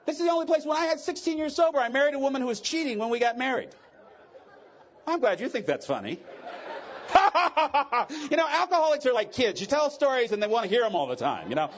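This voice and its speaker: A man's voice: very high voice, big pitch swings, a little fast, highs cut off, a faint crowd, a little hiss or hum. A middle-aged man speaking at a recovery convention, telling candid, joking and emotional stories from his own life. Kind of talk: personal testimony talk.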